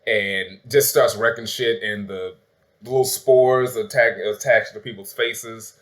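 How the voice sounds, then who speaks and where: A man's voice: lowish voice, steady tone, unhurried, a bit bright. A man hosting a casual, spoiler-filled movie review chat, talking loosely with lots of swearing and acting out lines he quotes. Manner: loose and profane, acts out quotes with laughs. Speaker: host of a movie review channel.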